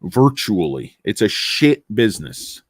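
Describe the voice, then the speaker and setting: A man's voice: fairly low pitch, sing-song, a little slow. A middle-aged man hosting a casual livestream, tired and over-caffeinated, rambling and joking with the chat. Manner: rambling, joking, greets chatters. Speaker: livestream host.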